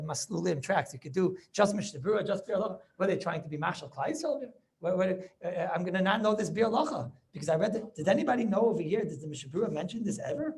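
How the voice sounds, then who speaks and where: Male rabbi, high gravelly voice, animated video-call lecture full of rhetorical questions. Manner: animated, argumentative, rhetorical questions, Yiddish-laced yeshiva English. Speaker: rabbi teaching a Talmud class. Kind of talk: lively Torah class lecture over video call.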